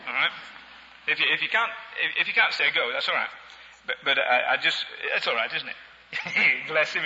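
A man's voice: a little high, in a large hall, highs cut off. A man preaching a sermon with humor, chuckling and talking to his congregation. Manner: humorous, animated, chuckling asides.

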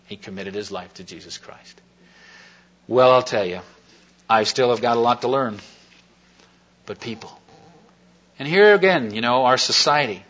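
A man's voice: lowish voice, a bit bright, husky. A man giving a sermon testimony, telling a personal story in a rambling, folksy way with many fillers and restarts. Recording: dull lo-fi recording.

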